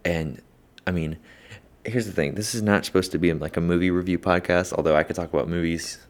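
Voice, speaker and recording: A man's voice: low-pitched, steady tone, a little fast. A man hosting a casual podcast, talking with eager enthusiasm and rambling through lots of fillers and restarts. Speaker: podcast host. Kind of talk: casual podcast chat about movies.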